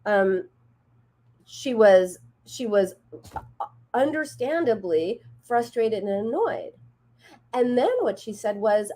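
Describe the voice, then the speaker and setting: A woman's voice: fairly high pitch, animated, slow. Woman radio host giving advice. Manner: warm, explanatory, acts out quoted dialogue. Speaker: radio show host and therapist.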